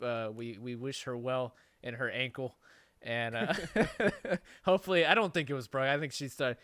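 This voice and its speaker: A man's voice: medium pitch, fairly bright tone, dry recording. A man telling a story on a podcast in a casual, rambling way, swearing and laughing often. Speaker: podcast host. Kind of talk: casual chat.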